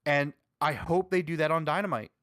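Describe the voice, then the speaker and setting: A man's voice: fairly high pitch, brisk, fairly bright tone, no room sound, clean studio sound. A man co-hosting a casual wrestling review chat, arguing his point emphatically and packing his talk with "like". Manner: emphatic, argumentative, heavy use of "like". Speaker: podcast co-host.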